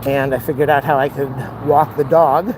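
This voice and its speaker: With his mid-range voice barely shifting in pitch and moving at normal speed, a vlogger chats casually as he walks outdoors near an airport. Breathless and overheated, he rambles and exclaims often, holding the camera while street noise sounds around him.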